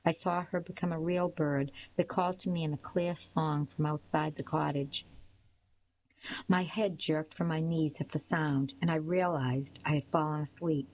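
A woman narrating an audiobook in a steady, measured storytelling voice. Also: low-pitched, poor audio.

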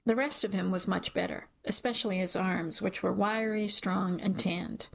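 A woman reading a first-person novel aloud in a measured, wry storytelling manner. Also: medium pitch, fairly even intonation, gravelly. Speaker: audiobook narrator. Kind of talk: first-person audiobook narration.

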